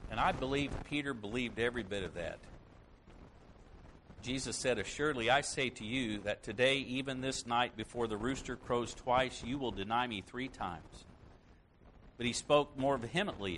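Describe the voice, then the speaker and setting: A man's voice: mid-range voice, normal speed, fairly bright tone, slight background noise. Earnest male preacher reading scripture. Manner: earnest, reads scripture aloud with rising emphasis. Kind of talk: sermon.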